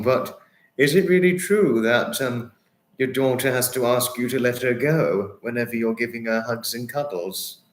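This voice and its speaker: Effusive male livestream host, roomy sound. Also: mid-range voice. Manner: effusive, sympathetic, repeats himself often. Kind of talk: casual chat reading viewer comments. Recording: roomy echo.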